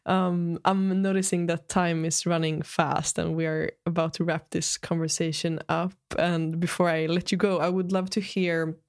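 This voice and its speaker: A woman hosting a podcast interview, speaking softly and warmly affirming her guest before asking reflective questions. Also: on the low side, little pitch movement, moderate pace, hardly any pauses. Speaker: podcast host.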